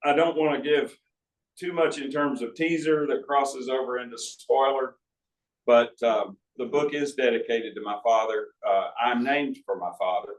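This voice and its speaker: At a normal pace and with fairly even intonation, a medium-pitched author in his 60s tells homespun, aside-laden stories to a live crowd. The talk takes place in an arts center auditorium, and the audio is distant and roomy.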